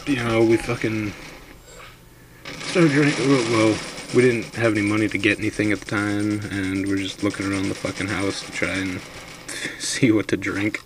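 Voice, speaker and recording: A man's voice: lowish voice, fairly even intonation, moderate pace, background noise. A man casually telling a drunken ghost story, rambling and swearing a lot.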